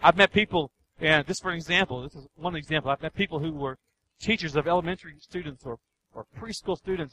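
A man's voice: on the high side, fast, pushed and bright, slight background noise, low-quality recording. A man preaching a sermon with emphasis, repeating key lines and acting out people's excuses. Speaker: pastor.

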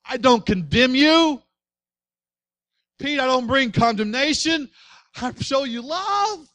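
A man's voice: high voice, slow, dry recording. A man preaching in the voice of a tender, pleading risen teacher who shows his wounds, speaking with rising intensity. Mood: pleading, impassioned.

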